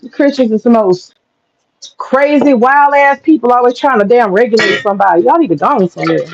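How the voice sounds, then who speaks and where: A woman whose voice is a little high and a little fast rants casually to her chat during a live stream. She's blunt and profane, laughs often, and the recording is dull and lo-fi with faint noise.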